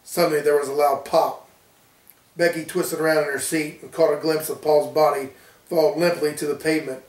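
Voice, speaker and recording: A man reading his own horror story aloud with a steady storytelling delivery. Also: fairly high pitch, normal speed. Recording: roomy, distant from mic.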